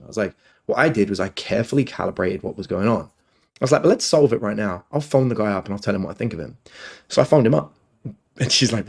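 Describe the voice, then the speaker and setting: A dating coach appearing as a podcast guest tells rambling personal stories in casual conversation, swearing often and quoting himself. His male voice is fairly low, fast, and gravelly.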